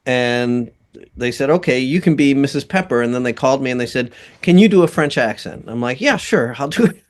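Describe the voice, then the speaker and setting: A man's voice: medium pitch, a little mellow. A man being interviewed as a guest composer and voice actor, chatting casually with a rambling delivery and frequent laughs. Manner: slow, rambling, laughs often.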